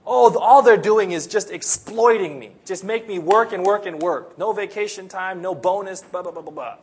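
A man acting out a whiny, entitled foreign worker who complains about his job, with a husky voice. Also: high-pitched, normal speed, pitched above the performer's own voice. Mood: whining. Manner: complaining, exaggerated whining.

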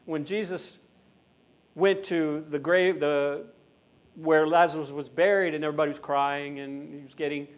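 Man preaching with slow, emphatic repetition. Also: on the high side, fairly even intonation. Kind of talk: sermon.

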